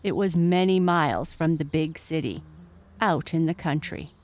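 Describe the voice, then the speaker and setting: A woman narrating a storybook in a calm, measured reading voice. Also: low voice, slight background noise.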